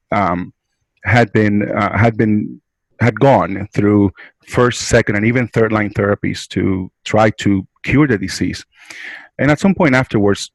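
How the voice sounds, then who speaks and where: A man's voice: on the low side, no echo, rough recording. A man from a hospice care provider, earnestly explaining in an interview and often checking in with "right?". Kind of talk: interview explaining and telling a story.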